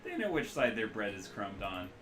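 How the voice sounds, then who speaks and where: A man voicing a cheerful, hungover, middle-aged male back-alley doctor with a loud, folksy Midwestern accent and a boastful manner, in a roomy-sounding room. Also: on the low side, sing-song, normal speed, slight background noise. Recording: roomy echo.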